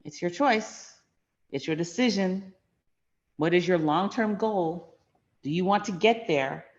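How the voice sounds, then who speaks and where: A woman's voice: lowish voice, measured pace, darkish tone, highs cut off. A middle-aged woman hosting a finance channel, telling a personal story in a frank, emphatic, conversational way.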